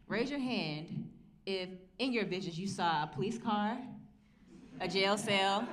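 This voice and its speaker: Speaking slowly and expressively in a mid-range voice, an American woman on a university panel makes her case earnestly, emphatically, and with rhetorical questions. At moments she puts on a Southern accent. A distant mic records the roomy lecture hall and its faint ambient noise.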